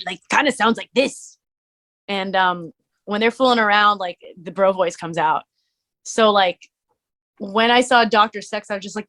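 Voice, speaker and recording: A young adult woman, a musician and streamer, chatting casually as a podcast guest, full of "like" fillers and quick to laugh. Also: mid-range voice, animated, fairly bright tone.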